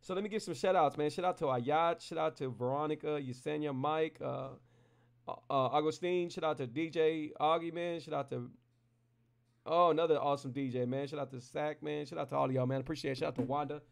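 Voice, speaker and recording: A man's voice: on the high side, brisk, vocal fry. A man coaching viewers on keto during a live stream, talking casually and energetically, rambling and repeating himself. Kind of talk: live-streamed motivational talk.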